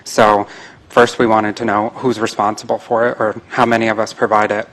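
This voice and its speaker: A man's voice: lowish voice, level tone, normal speed, fairly bright tone, low-quality recording. A man speaking as a conference panelist in a plain, informal way. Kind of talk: conference presentation.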